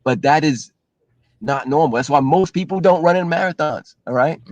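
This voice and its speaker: Animated male co-host, a touch high, dry close sound, explains with energy. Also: normal speed, no echo. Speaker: co-host, relationship talk. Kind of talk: casual live-stream chat.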